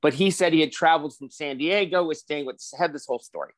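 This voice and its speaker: A man of about sixty tells a long personal story in a casual podcast chat, with a voice a little higher than most men's. He slips into different voices to act out what people said. The recording is dry and close, with no room sound. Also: fast talker, dry recording. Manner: animated storyteller acting out quoted voices. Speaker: podcast host.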